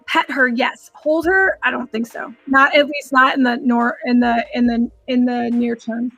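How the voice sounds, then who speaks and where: High, gravelly woman psychic host. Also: steady tone, measured pace, few pauses, a bit bright, faint music behind. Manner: chatty, rambling, restarts sentences. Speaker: psychic and animal communicator host. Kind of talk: live-stream reading session.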